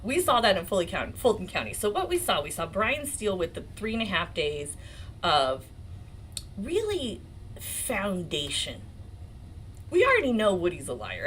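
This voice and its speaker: Woman, American accent, 40s, livestream host, excitable, animated pitch, faint noise. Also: low-quality recording. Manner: excitable and emotional, swearing, laughing often. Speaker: legal commentary livestream host. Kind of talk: casual live-stream commentary.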